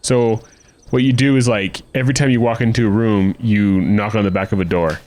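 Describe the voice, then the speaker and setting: A man's voice: lowish voice, steady tone, fairly quick, darkish tone, slight background noise. An American man co-hosting a video game let's play, chatting in a rambling, casual way. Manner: chatty, rambling with restarts and asides. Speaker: co-host of a gaming let's play. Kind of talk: casual chat while playing.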